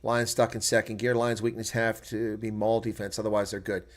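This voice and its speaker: A man calling a rugby match live on his own stream, muttering while he checks scores and growing loud and heated when play picks up or a referee call goes against his side. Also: lowish voice, fairly quick. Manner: gets loud and excited during play, argues with referee calls. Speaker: live reaction commentator.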